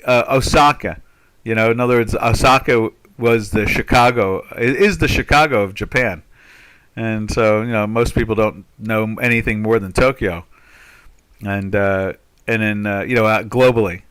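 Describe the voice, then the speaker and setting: Speaking at a normal speed in a medium-pitched, fairly bright voice that sounds clear and resonant, this older man from the US runs a live trading webinar. His market commentary rambles, packed with "you know" fillers and restarts.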